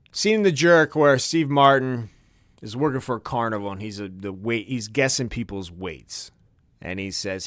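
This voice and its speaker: A man's voice: mid-range voice, fairly bright tone, no echo. A man in his thirties hosting a podcast, ranting in a profane, rambling, worked-up way, recorded close on a studio mic. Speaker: podcast host. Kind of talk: comedic ranting monologue.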